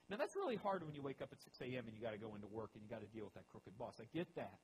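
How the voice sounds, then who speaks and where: A man preaching a sermon as pastor, with animated emphasis that rises and drops. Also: medium pitch, very fast, hardly any pauses, a little hiss or hum, rough recording.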